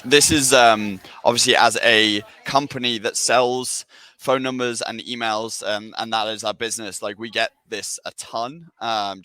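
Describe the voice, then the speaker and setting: Casting: man, sales director type, lowish forceful voice, dry close mic, casual eager webinar chat. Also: no room sound. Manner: enthusiastic, filler-heavy, many restarts.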